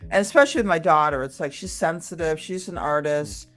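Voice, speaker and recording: A woman in her sixties, from Michigan, talking as a comedian guest in a casual interview, animated and full of quick asides and restarts. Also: low voice, soft background music. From Michigan, USA. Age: 60s.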